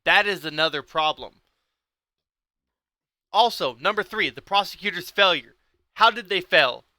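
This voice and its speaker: A man's voice: sits high, expressive, a little slow, bright, forceful tone, no room sound. A man hosting a livestream, talking in an intense, heated way that builds into a rant. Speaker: livestream host. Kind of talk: livestream talk.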